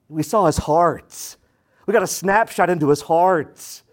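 Male pastor, sermon, animated and folksy, slightly high voice with a wide swing. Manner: animated, shifts between loud bursts and low asides, puts on quick voices.

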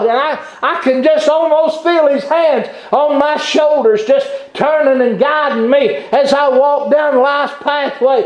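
A man preaching a sermon, fervent, with halting restarts and bursts of shouting. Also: extremely high pitch. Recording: echoey room, dull lo-fi sound.

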